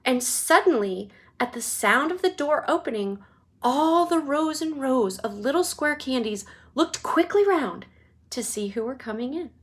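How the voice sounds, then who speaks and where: Woman reading a children's book aloud. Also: high-pitched. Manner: expressive storytelling. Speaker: reader.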